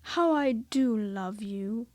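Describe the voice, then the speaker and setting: A woman voicing a kindly young boy, gentle and unhurried, in a storybook reading. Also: high voice, very animated, creaky, no room sound, heavily acted. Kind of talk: storybook read-aloud.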